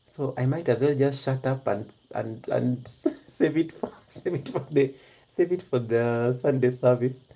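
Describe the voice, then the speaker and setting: A YouTuber chatting casually to a live-stream chat in a hushed half-whisper, giggling often and addressing viewers by name. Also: medium pitch. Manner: talks straight to viewers in the chat.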